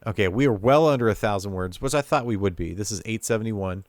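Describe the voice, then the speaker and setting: A man with a low, smooth voice talks through his writing in an easygoing, thinking-aloud way. The sound is dry and close, with no room around him. He sounds like a podcast host chatting casually about his craft. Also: fast talker, no echo. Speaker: podcast host and fiction writer.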